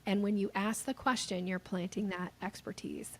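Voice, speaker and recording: A woman guest on a podcast explaining sales techniques, lively and animated, acting out the voices of the people she quotes. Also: medium pitch, moderate pace.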